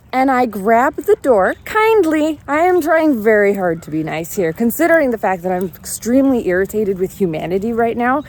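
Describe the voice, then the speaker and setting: A woman's voice: fairly high pitch, darkish tone. Chatty woman vlogging outdoors. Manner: chatty, talks to her dog mid-story. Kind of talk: casual storytime while walking a dog.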